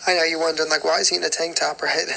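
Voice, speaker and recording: A man from Staten Island, New York, talks casually to his livestream viewers, laughing often and yawning through a sleepy mood. His voice is very bright and a touch high, with a gravelly fry. He speaks into a phone mic, and faint music plays in the background. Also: flat delivery, quick pace, slight background noise, poor audio. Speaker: singer hosting a livestream.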